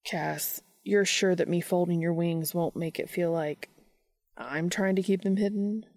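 A woman voicing a teasing, dominant young man who speaks in a low murmured whisper. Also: steady tone, normal speed, creaky, dry recording, clean studio sound. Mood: hesitant.

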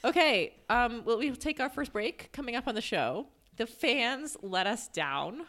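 A woman's voice: a little high, lively intonation, a little slow, fairly bright tone. A woman hosting a sports podcast, introducing segments and bantering playfully with lots of giggles. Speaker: podcast host. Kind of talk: casual chat.

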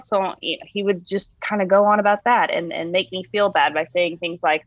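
A young adult woman, an interviewee recounting a personal story, animated as she retells it. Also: fairly low pitch, normal speed, few pauses, no echo. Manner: animated retelling, voices her own past words. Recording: dull lo-fi sound.

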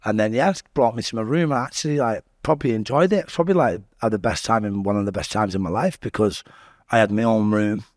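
Young guy telling his story on a podcast, low voice, swears a lot, dead dry mic. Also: fast talker, no room sound. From Salford, England. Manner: animated, swears freely, acts out shouts in his story. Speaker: podcast guest, rapper. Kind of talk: storytelling interview.

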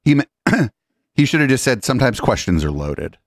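A man's voice: mid-range voice, big pitch swings, moderate pace, no room sound. Wry man with a dry close sound. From California. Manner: wry, sardonic. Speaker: podcast co-host commenting. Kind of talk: casual commentary on a clip.

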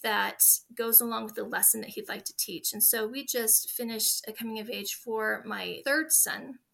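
An earnest woman in her forties talks warmly and sincerely as a podcast guest. Her voice sits a little high and rings bright. She speaks in a heartfelt, conversational way. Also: steady tone, moderate pace, vocal fry. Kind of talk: conversational interview.

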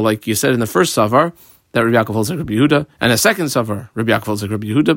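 A man teaching a Talmud page line by line, explaining each phrase and marking up the text as he goes, sometimes quick, sometimes slow and stressed. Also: mid-range voice, lively intonation, a bit bright, no echo, studio quality. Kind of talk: page-by-page study lesson.

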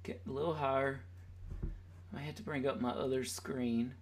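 A man's voice: mid-range voice, fairly even intonation, normal speed. A man hosting a podcast in casual chat, joking and rambling as he teases his co-hosts. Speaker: podcast host.

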